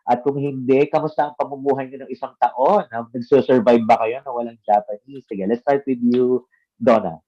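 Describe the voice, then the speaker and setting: A Filipino vlog host and ALT teacher from the Philippines hosts a casual Taglish panel chat, speaking with a Filipino accent, mixing Tagalog and English conversationally, and frequently tagging sentences with "no?". His mid-range voice is steady and brisk, and the audio is dull and lo-fi.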